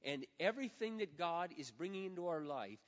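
High-voiced preacher man in an echoing hall. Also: expressive, brisk. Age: 50s. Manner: dramatic, swings from loud to hushed, acts out quoted prayers. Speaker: pastor. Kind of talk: sermon. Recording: dull sound with long hall reverb.

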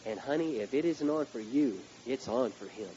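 A male preacher giving a blunt, emphatic sermon that rises to loud outbursts. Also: medium pitch, lively intonation, moderate pace. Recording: dull recording with background hiss.

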